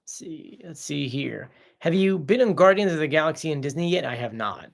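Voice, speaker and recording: A man's voice: on the high side, expressive, a little fast, vocal fry. A man hosting a casual live stream, chatting off the cuff as he reads out viewer comments and answers them.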